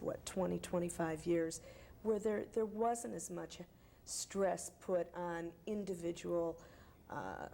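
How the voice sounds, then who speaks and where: A middle-aged woman with a gravelly, dark voice states her points in short, firm sentences on a televised panel. A faint hiss sits under the sound. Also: lowish voice.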